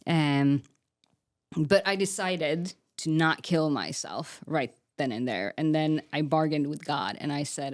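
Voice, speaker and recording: A woman's voice: deep voice, unhurried, no room sound, clean studio sound. A young woman giving an earnest, candid personal faith testimony as a podcast guest, with frequent "like" fillers. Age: young adult.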